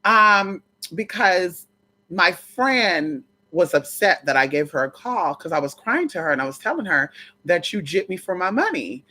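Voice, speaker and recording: A woman's voice: on the low side, sing-song, a little slow, pushed and bright. A woman vlogger telling a brash, profane story straight to her viewers in a chatty way. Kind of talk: storytime chat to camera.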